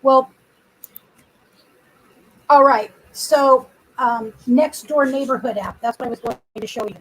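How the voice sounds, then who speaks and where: Woman, high-pitched, casual livestream host, rambling storytelling, built-in computer mic. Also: unhurried, a bit bright, breathy edge, low-quality recording. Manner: rambling storyteller, chatty with viewers. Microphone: computer built-in mic, no external microphone.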